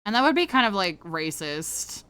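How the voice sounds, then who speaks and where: Playful, flirty streamer woman, bright voice. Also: mid-range voice, sing-song, normal speed, smooth. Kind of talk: casual livestream chat while drawing.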